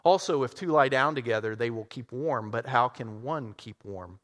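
A man preaching a sermon, telling a story and acting out its characters with lively swings in his voice. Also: moderate pace. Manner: animated, acts out characters with big pitch swings. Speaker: pastor. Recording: long hall reverb.

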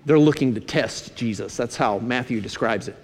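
A man preaching a sermon, emphatic, slowing to stress key phrases and dropping in dry asides. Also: medium pitch. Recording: long hall reverb.

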